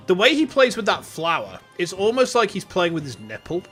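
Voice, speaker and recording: A male streamer giving casual game commentary in a bright, lively voice full of crude jokes. Faint music plays in the background. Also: sits high, brisk, few pauses. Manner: crude joking, laughing asides. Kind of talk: casual let's-play commentary.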